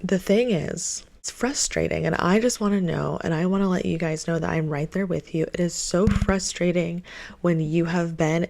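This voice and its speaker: A woman with a somewhat low voice speaks straight to her viewers in a heartfelt relationship-advice vlog. She is earnest and animated and circles back to her phrases again and again to drive them home. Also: moderate pace, gravelly.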